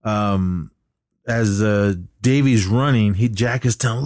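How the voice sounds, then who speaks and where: A man's voice: lowish voice, slow pace, darkish tone, no room sound, clean studio sound. A man co-hosting a casual podcast, recapping a movie plot in a rambling way, full of fillers and acted-out lines. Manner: rambling retelling with many fillers, acting out lines. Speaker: podcast co-host.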